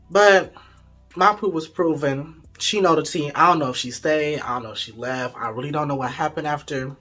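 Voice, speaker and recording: A young man telling a storytime vlog story in an animated, profane, gossipy way. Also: mid-range voice, husky. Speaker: vlogger.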